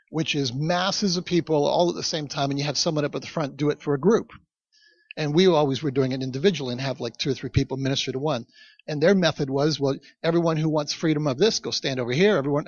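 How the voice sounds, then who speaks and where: A male pastor with a fairly high voice delivers a conversational storytelling sermon, tossing chatty asides to the congregation. The sound is close, dull and dry.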